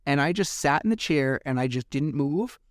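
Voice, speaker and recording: A man hosts a podcast and retells a story with animated sarcasm and casual swearing. His voice sits a little high. The sound is dry and close to the mic. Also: moderate pace, no room sound. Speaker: podcast host.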